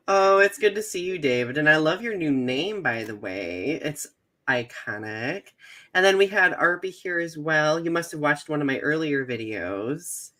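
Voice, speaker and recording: A man's voice: a little high, lively intonation, unhurried, sharp tone. A Midwestern American man hosting a casual podcast, speaking with giggly enthusiasm and laughing often. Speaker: podcast host. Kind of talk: casual chat.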